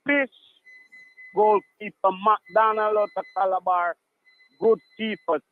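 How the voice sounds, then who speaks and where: A man with a Jamaican accent, calling in to a radio show and talking in an animated way, mixing patois into his speech and repeating himself. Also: high-pitched, slow. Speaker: caller. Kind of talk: call-in radio chat. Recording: tinny phone line, dry.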